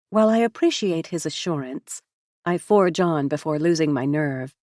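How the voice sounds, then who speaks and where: Low-voiced woman narrating an audiobook. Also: lively intonation, a little mellow, dry recording, clean studio sound. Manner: measured, reflective storytelling. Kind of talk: first-person audiobook narration.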